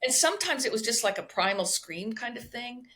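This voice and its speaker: A woman's voice: on the high side, sing-song, fairly quick, bright, forceful tone. A woman speaking as a guest somatic healer on a podcast, explaining expressively and checking in with frequent "right?" asides. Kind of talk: conversational podcast interview.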